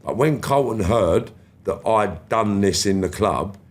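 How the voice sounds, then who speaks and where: A man's voice: fairly low pitch, a little slow. A man in his fifties, a podcast guest telling stories casually and animatedly, acting out other people's lines and swearing freely. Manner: animated, acts out quoted voices, swears freely. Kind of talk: casual storytelling.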